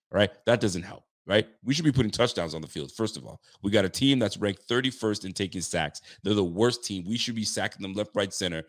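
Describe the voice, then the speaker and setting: A man's voice: on the low side, a bit bright. Fired-up man ranting after a game. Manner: ranting, emphatic, addresses viewers as folks; holding volume down while fired up. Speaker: sports fan show host. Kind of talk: late-night post-game reaction livestream.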